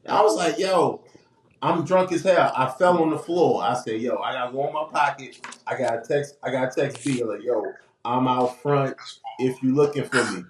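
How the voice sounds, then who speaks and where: A man, casually telling a long funny story on a podcast, acting out the people he quotes. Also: moderate pace. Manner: lively, acts out quoted voices with big pitch jumps. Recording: echoey room with faint noise.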